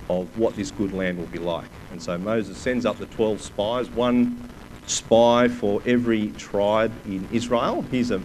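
A man's voice: lowish voice, slight background noise, poor audio. A man preaching a sermon, reading scripture aloud with emphasis and putting rhetorical questions to his listeners.

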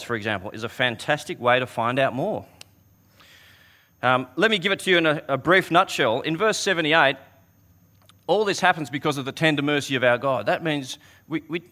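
A man's voice: mid-range voice, pushed and bright. A man preaching a sermon, earnest and conversational, often restarting his words as he tells a story.

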